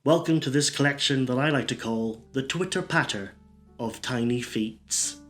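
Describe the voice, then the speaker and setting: A man's voice: mid-range voice, moderate pace, a bit bright. Brief: man, absurd one-liner stand-up, rambling delivery, faint music behind. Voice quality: rambling, self-interrupting. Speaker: stand-up comedian.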